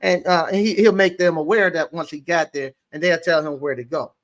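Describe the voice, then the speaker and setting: A man, an appliance repair business owner, telling stories in a casual interview with a halting, rambling delivery full of restarts. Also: on the high side, fairly even intonation.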